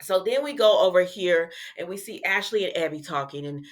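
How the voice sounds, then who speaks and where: A woman's voice: lowish voice, a little fast. A woman hosting a casual soap opera recap, chatting straight to her viewers. She retells the scenes in her own words and breaks off for frank asides. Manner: retells scenes and acts out the characters' lines.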